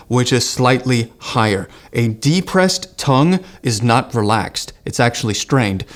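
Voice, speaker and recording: A man in his thirties teaches singing online, in an earnest and encouraging tone with a light lilt. His speaking voice sits at an ordinary middle pitch. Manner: earnest, encouraging, breaks into sung exercise demos. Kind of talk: online vocal lesson with sung demonstrations.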